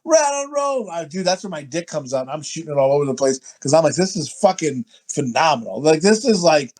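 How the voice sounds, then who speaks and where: A man's voice: on the high side, lively intonation, a little fast, darkish tone. Middle-aged guy, co-host, rowdy and foul-mouthed, big over-the-top impressions. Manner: rowdy, profane, laughs a lot, mimics movie lines over the top. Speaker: podcast co-host. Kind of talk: casual crude chat.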